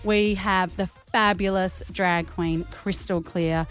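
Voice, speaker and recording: A woman hosting a radio show, upbeat and quick to laugh in casual chat. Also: lowish voice, steady tone, soft background music. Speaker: radio host.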